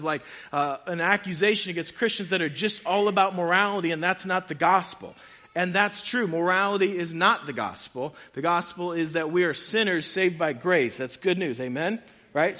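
A man's voice: sits high, bright, forceful tone. A man pastor giving a conversational sermon, reading scripture aloud and joking with his congregation.

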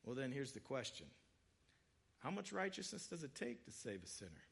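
A man's voice: medium pitch, sing-song, moderate pace, gravelly, fairly bright tone, breathy edge. A man preaching a sermon in a conversational way, acting out quoted voices. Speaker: pastor.

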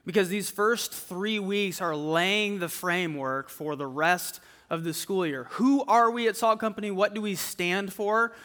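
High, bright-voiced man preaching in a hall. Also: fairly even intonation, unhurried, few pauses. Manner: conversational, uses "like" and "right?" often. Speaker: campus ministry speaker. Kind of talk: sermon. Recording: echoey hall.

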